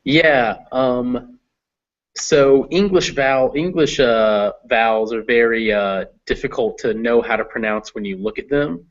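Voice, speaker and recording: A man's voice: medium pitch, a little slow, lo-fi sound. A man tutoring a student in reading English, explaining patiently with many fillers. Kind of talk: one-on-one reading lesson.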